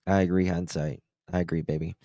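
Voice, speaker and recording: A man's voice: sits low, flat delivery, a little fast, mellow, no echo. A male channel host giving sarcastic, incredulous commentary on played clips. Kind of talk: reaction commentary.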